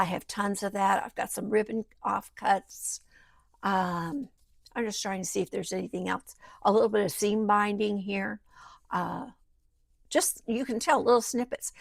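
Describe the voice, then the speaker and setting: A woman talks through her craft project at home, wandering from thought to thought and sometimes dropping to a near-whisper. Her voice has a gravelly, creaky edge, and the sound is close and dry with no room echo. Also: medium pitch. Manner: rambling, thinks aloud, drifts into soft murmurs. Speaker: journal maker. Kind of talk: casual craft walkthrough. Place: home craft table beside a sewing machine.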